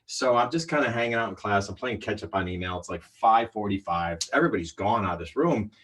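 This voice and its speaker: A middle-aged man, a sales trainer, telling a story on a livestream in an animated way and acting out the voices of the people in it. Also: lowish voice, fast talker. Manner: animated, acts out quoted voices.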